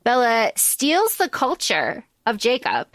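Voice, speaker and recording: Podcast co-host, woman; casual, animated recap, dry close mic. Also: a little high, slow, dry recording. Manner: animated, swearing, acts out lines in quotes. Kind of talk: casual movie recap chat.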